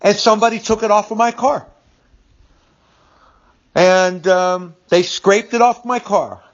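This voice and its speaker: A man's voice: high voice, a little slow. A man in his fifties telling a personal story in a casual, rambling monologue, repeating words and using lots of fillers. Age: 50s. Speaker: business speaker. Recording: dull lo-fi recording.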